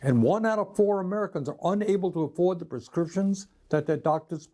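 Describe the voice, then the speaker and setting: A man's voice: sits high, fairly quick, dark tone. An older man, a senator, speaking earnestly and in a complaining tone in a clip from a political speech.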